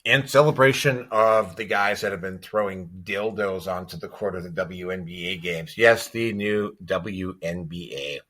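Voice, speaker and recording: A man's voice: deep voice, unhurried, hardly any pauses, fairly bright tone. A man hosting a podcast, chatting loosely through a list of topics with plenty of fillers and restarts. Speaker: show host.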